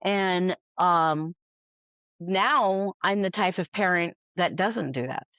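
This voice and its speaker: A woman's voice: fairly low pitch, no echo. Frank middle-aged woman, lo-fi sound. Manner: frank and profane, with quick laughs. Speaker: podcast guest, mother. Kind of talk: candid casual chat. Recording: dull, lo-fi, dry sound.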